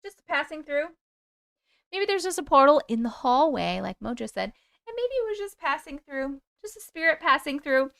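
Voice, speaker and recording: A woman's voice: high voice, bright, forceful tone. A woman hosting a livestream who reads viewer stories aloud and chats back to comments, now and then singing snatches of songs. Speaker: host reading viewer stories. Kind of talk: casual livestream chat and story reading.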